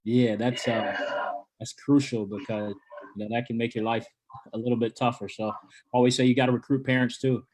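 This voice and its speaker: A college wrestling coach answers interview questions in a medium-pitched, slightly mellow, flat voice at a fairly quick pace. He's laid-back, with lots of ums and repeated starts.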